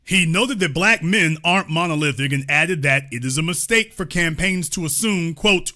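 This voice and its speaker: Man, commentary host, indignant, sarcastic, lively swooping pitch, bright tense tone. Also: normal speed, hardly any pauses. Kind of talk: opinion commentary.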